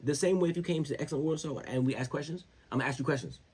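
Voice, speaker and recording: A male show host giving casual sports commentary, animated and repeating words for emphasis. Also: a little high, racing, breathy edge.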